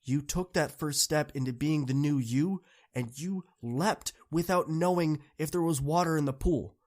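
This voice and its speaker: A man's voice: a little high, normal speed. Earnest young man giving a motivational pep talk. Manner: earnest, encouraging, swings from soft to impassioned. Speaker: podcast host.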